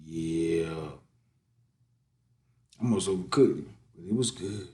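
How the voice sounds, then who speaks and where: In a low, slightly mellow voice, this mukbang vlogger takes his time, chatting casually as he cooks and eats. He uses plenty of slang and drops into sing-song hype chants.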